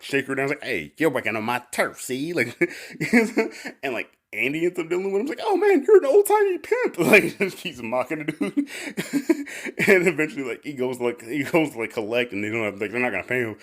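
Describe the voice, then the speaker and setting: A man's voice: mid-range voice, fairly bright tone. A man hosting a podcast, casually recapping a cartoon, rambling with constant "like"s and frequent laughter. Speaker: podcast host.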